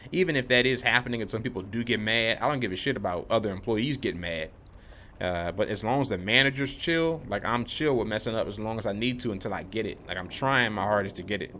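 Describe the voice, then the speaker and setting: A man's voice: fairly low pitch, fairly quick, pushed and bright, slight background noise. A young man vlogging, telling a rambling, laid-back story about work, full of slang. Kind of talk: casual rambling monologue.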